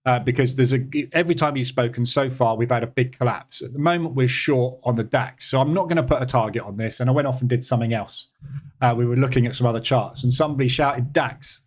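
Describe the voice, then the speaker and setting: A man's voice: medium pitch, quick pace. A man with a British accent hosting a live trading room, chatting casually and sarcastically while answering viewer comments. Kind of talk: casual live-stream chat.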